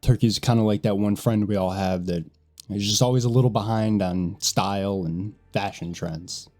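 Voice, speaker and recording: A man's voice: on the low side, fairly even intonation, moderate pace, darkish tone. A man hosting a casual history video, nasal and congested from a sinus infection, talking bluntly and swearing now and then.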